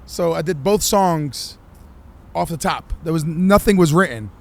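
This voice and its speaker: A man, a musician guest on a podcast, telling his story in an animated, profane way and acting out what people said. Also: fairly high pitch, measured pace, creaky. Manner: animated, profane, acts out quotes.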